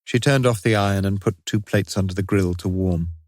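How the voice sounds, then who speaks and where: A man narrating an audiobook in a steady, unhurried reading voice. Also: low-pitched, dry recording, studio quality. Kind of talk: scripted narration.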